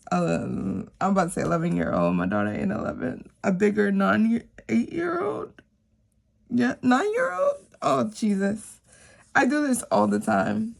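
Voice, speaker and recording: Chatty mom with a gravelly voice. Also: female voice, mid-range voice, a little mellow. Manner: chatty, storytelling with filler words. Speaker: budgeting vlogger. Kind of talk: casual chat while cash stuffing.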